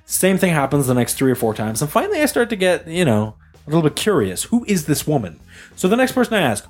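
A young man hosts a podcast and tells a funny story, with his pitch swinging up and down as he acts out the people who call him. Some faint music plays under the talk. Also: fast talker. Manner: animated storytelling, jokey voices for callers. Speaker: podcast host. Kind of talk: casual chat.

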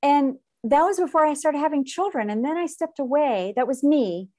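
A middle-aged woman with a high-pitched, slightly mellow voice speaks at normal speed as a podcast guest. In a conversational way, she tells an emotional personal story and acts out what other people said.

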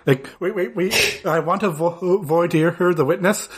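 A podcast co-host in casual comedic chat, halting and stacking repeated words. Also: medium pitch, slightly rough.

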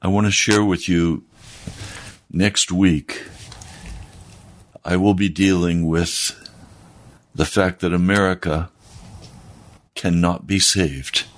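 A man's voice: low-pitched, steady tone, slow, long pauses. A man speaking as a pastor, hosting a broadcast and talking in a solemn, earnest sermon style while recovering from losing his voice. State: recovering from a lost voice.

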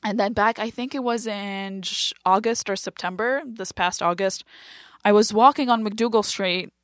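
A young woman from Lebanon, a comedian chatting as a guest and telling a story with animated quoted voices. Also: mid-range voice, normal speed, dry recording, clean studio sound. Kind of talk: casual chat.

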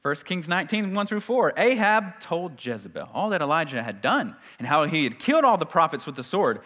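A male preacher delivers a sermon from the pulpit, reading scripture and acting out the people in it. His voice is bright and forceful, pitched slightly high. A long reverb trails every phrase, as in a large sanctuary. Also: brisk. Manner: animated preaching, reads scripture aloud and acts out the people in it. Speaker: pastor. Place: church sanctuary.

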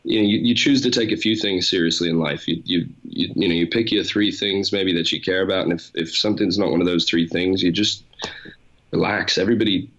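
Deep-voiced guy, half english half american accent, rambles and jokes at himself, kinda dull lo-fi sound. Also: fairly even intonation, a little fast, fairly bright tone. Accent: mixed English-American, often taken for Australian. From England and America. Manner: rambling, self-mocking, laughs while talking. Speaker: podcast guest. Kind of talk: casual podcast chat.

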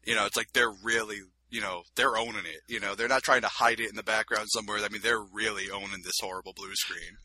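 A man's voice: lowish voice, steady tone, quick pace, few pauses, pushed and bright. A man co-hosting a casual film review chat, talking in a rambling, self-deprecating way. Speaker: podcast co-host.

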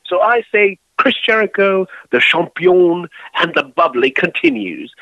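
A man co-hosting a podcast in a theatrical, prim manner, dropping fussy exclamations and deadpan quips. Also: high-pitched, measured pace, creaky, dry recording, muffled recording. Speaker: podcast co-host. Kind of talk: casual chat.

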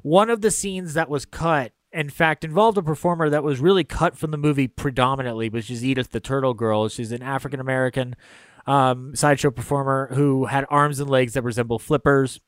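A man's voice: medium pitch, a little fast, dry recording. A man co-hosting a casual film podcast, recapping scenes in a rambling way with lots of fillers. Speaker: podcast co-host.

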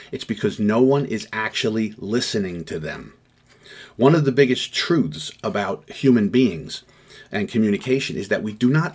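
A man's voice: on the low side, husky. A man teaching crisis negotiation in a conversational lecture, often checking in with "right?" and acting out the people he quotes in a raised voice. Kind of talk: spoken lecture.

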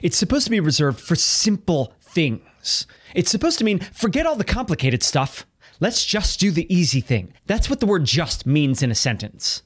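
Male podcast host, exasperated comedic rant, lively swooping pitch, acts out mock quotes. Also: moderate pace, breathy edge. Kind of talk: comedic rant and casual chat.

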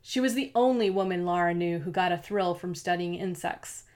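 A woman with a lower-pitched voice reads a novel as scripted audiobook narration. Her delivery is steady, measured, even and unhurried.

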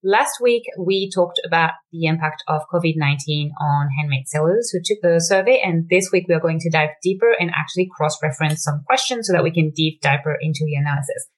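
A bubbly woman co-hosts a podcast in a relaxed, chatty way. She talks in long runs and laughs a lot between her points. Her voice sits a little low for a woman. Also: fast talker, few pauses. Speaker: podcast co-host. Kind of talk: casual podcast chat.

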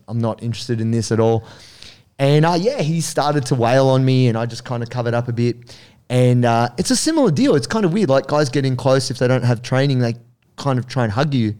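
Aussie guy chatting, tells stories lively, does little voices for people. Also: mid-range voice, brisk, smooth. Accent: Australian. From Australia. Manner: animated, acts out voices in anecdotes. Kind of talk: casual storytelling chat.

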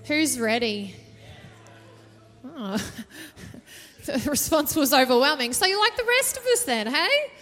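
A woman's voice: sits high, big pitch swings, unhurried, pauses often, a bit bright, soft background music. A woman preacher giving a chatty, jokey sermon from a church stage, often asking the audience questions. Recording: reverberant church hall.

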